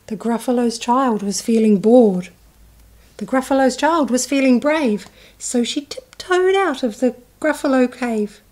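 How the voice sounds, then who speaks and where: Slow, expressive New woman storyteller. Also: a little high. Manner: slow, expressive, doing voices for characters. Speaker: childcare storyteller. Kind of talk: reading a picture book aloud to children.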